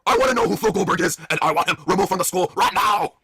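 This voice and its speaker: A man's voice: high voice, wildly swooping pitch, quick pace, creaky, breathy edge, pitched above the performer's own voice, exaggerated voice. A man doing a blustering principal-wrestler. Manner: blustering, then shouting in rage. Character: hot-tempered male wrestler turned school principal.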